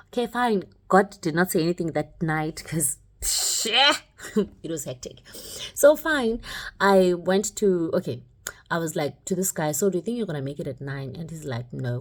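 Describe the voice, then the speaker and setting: Low-voiced woman telling a story. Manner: animated, acts out the dialogue, many "like"s. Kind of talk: casual storytelling.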